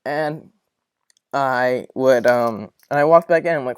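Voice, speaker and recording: A young man talks alone into a close mic, venting and rambling with plenty of swearing. His voice sits at an ordinary pitch for a man. The recording is dry, with no room echo. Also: unhurried, clear, resonant tone. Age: young adult. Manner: profane, rambling, exasperated venting. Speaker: podcast host. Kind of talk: casual solo podcast rant.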